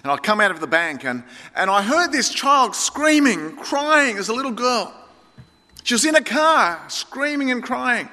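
A man delivers an emphatic sermon in a very high, bright voice. He addresses the congregation as friends. A long reverb trails every phrase in the hall. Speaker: pastor.

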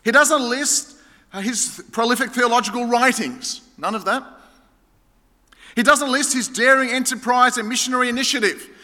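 A man's voice: extremely high pitch, normal speed, pushed and bright. A Greek-born man preaching a sermon as a pastor, telling stories with playful banter before turning earnest. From Greece. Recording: hall reverb.

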